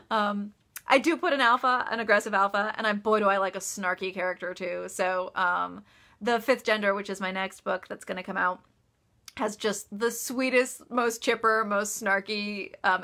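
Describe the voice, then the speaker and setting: A woman's voice: medium pitch, bright, forceful tone. A woman author chatting casually on a live stream, answering viewer questions with frequent laughs, ums and restarts. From United States. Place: office.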